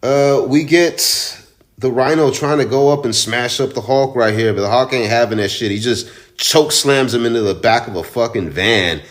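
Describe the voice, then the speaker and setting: A man's voice: medium pitch, normal speed. A man who owns a comic shop, casually recapping a comic book in a rambling, profane, chatty way. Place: own store in Houston.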